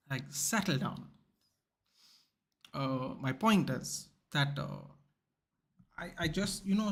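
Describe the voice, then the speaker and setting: A man chats through a live football watchalong, his voice sitting slightly higher than most men's. He rambles along with loose, opinionated talk and keeps calling people "dude". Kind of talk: casual livestream chat.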